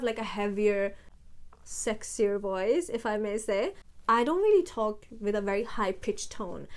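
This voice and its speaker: A young woman chats straight into her phone camera for her channel. She sits a little above the usual pitch for a woman, yet she talks slowly and steadily, with a deliberate and slightly heavy delivery. Her sentences are loose and full of "like" and "you know". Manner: slow, steady, deliberate talk with a heavier low voice; chatty, with many fillers like "like" and "you know". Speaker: YouTuber. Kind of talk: casual vlog monologue.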